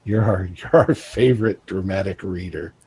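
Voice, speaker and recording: A man running a tabletop game as game master, measured and relaxed, with some fillers. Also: deep voice, creaky, breathy edge, rough recording.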